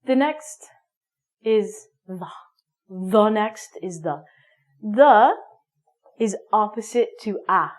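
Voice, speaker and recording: A woman's voice: fairly high pitch, a little mellow. A woman teaching an English grammar lesson, playful and emphatic, acting out little everyday scenes.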